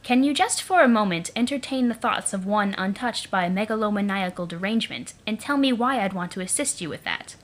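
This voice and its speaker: A poised young female troll , voiced by a woman reader, answers with cool, dry sass. She stays composed and precise even while she mocks someone. She sounds like a sharp heroine from a webcomic. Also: medium pitch, a little fast, few pauses, lightly acted.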